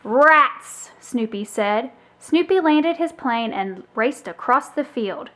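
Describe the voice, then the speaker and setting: A woman reading a children's book aloud as a storyteller, with expressive, animated delivery. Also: on the high side, takes it slowly.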